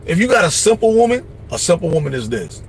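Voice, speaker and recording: A man hosting a livestream, giving casual life advice in a blunt, profane, preachy way, often mimicking other people in quick asides. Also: fairly high pitch, sing-song, slight background noise. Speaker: livestream host.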